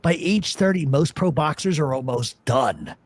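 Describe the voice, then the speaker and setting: He sounds animated and a little high at a moderate pace, recorded dry. As host of a radio talk show, he trades casual chat and stories, arguing bluntly and cursing plenty.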